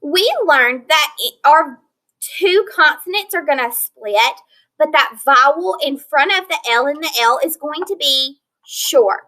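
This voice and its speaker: A woman teacher giving a recorded phonics lesson, slowly sounding out words and prompting her students. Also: sits high, lively intonation, sharp tone, rough recording. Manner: slow, clear modeling of word sounds with praise and prompts.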